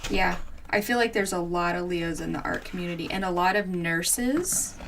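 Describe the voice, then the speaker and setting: A woman's voice: on the low side, normal speed, noisy background. A woman in her forties hosting a crafting livestream, chatting casually and giggling as she answers viewers' comments while she works. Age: 40s.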